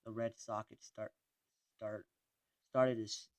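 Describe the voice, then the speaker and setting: Man, low voice, creepypasta reading, halting, stumbles and restarts, dry recording. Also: little pitch movement, no room sound. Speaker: narrator.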